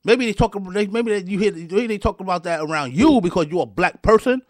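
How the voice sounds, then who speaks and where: Heated, high-voiced man ranting. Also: animated, a little fast, no echo, clean studio sound. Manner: angry, repetitive, stumbling restarts, addresses listeners directly. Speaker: show host. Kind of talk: heated commentary rant.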